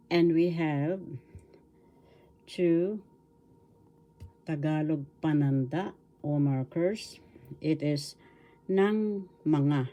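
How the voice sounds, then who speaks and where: Slow, dark-voiced older woman teacher. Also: deep voice. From Philippines. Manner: slow, careful syllable-by-syllable drilling with repetitions. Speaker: language teacher. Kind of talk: slow spoken language lesson.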